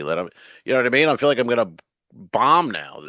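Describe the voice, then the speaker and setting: A man's voice: mid-range voice, very animated, fast talker, pushed and bright, no echo, clean studio sound. A male comedian co-hosting a podcast, telling rambling stories in casual chat and swearing freely.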